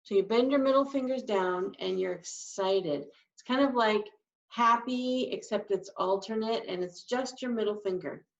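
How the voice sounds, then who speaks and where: A woman's voice: medium pitch, moderate pace, roomy sound. A woman teaching sign language, patiently explaining each sign step by step. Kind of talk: slow, patient instruction. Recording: dull lo-fi sound, from a distance.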